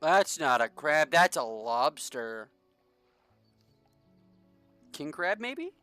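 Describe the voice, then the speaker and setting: A man's voice: on the high side, very animated, drawn-out words, sharp tone, clear, resonant tone, dry recording, faint music behind. A man giving casual gameplay commentary, jokey and sarcastic, reading the game text aloud as he plays. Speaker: gaming streamer.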